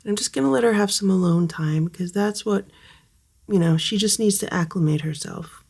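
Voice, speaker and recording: Casual vlogger, woman, mid-pitched with a gravelly fry, gentle and soothing, talking beside a cage indoors. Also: normal speed. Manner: soothing, coaxing, switches to high sing-song baby talk for the kitten. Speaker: cat rescuer vlogger. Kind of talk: casual vlog narration and talking to a kitten.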